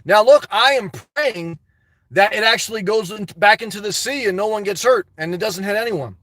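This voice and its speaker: A man's voice: sits high, normal speed, fairly bright tone, no echo. A man live-streaming from inside a parked car, rambling through viewer comments, joking and laughing often, with lots of "man" and "guys".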